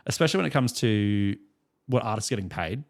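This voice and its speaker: Australian male podcast co-host, lower voice, loose rambling chatter with laughs. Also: animated, normal speed. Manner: rambling storyteller, many fillers and laughs. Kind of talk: casual chat.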